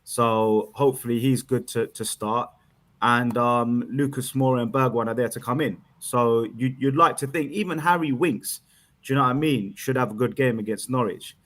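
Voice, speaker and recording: A man calling in to a fan chat show, excitable, laughing often and repeating himself as he talks. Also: medium pitch, moderate pace. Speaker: caller.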